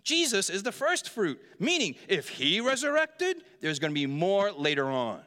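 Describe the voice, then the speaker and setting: Bright-voiced preacher in a reverberant hall. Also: male voice, high-pitched, huge pitch swings, normal speed. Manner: jokey, quizzes the congregation. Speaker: pastor. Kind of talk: sermon. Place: church hall. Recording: long reverb of a large hall.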